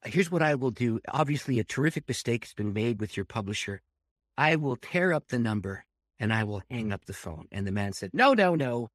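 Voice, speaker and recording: Animated storytelling male pastor. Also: lowish voice, fairly quick, dry recording, studio quality. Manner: animated storyteller, laughs often, swings between hushed and loud. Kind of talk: storytelling testimony.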